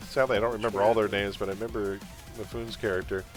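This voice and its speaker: A man's voice: fairly low pitch, fast talker, soft background music, low-quality recording. A man streaming a game, chatting casually and laughing as he talks about old movies. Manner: chatty, laughs often, animated movie talk. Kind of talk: casual chat while gaming.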